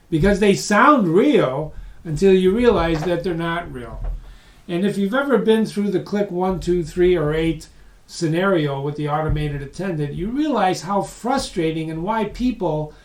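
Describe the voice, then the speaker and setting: A man on the high side, expressive and at normal speed, gives a conversational live webinar lecture, stressing ideas by repeating them. He's in a room with an online audience, captured on a roomy, distant mic.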